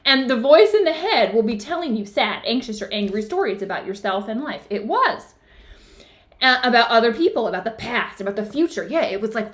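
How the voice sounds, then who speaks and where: Lively chatty woman telling stories. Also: on the high side, a little fast. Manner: chatty storytelling, many "like" fillers. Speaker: book club host. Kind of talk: casual book discussion.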